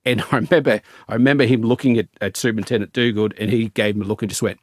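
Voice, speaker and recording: A middle-aged man, a former police detective, recounting a case in an interview in a measured storytelling manner with fillers and restarts. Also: fairly low pitch, steady tone, no echo, studio quality. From Australia.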